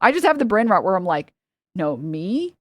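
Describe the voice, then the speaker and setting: A woman's voice: medium pitch, big pitch swings, fast, dry recording. Blunt, profane woman streamer. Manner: blunt, profane and opinionated, laughs often. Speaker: livestreamer. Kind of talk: casual livestream chat with viewers.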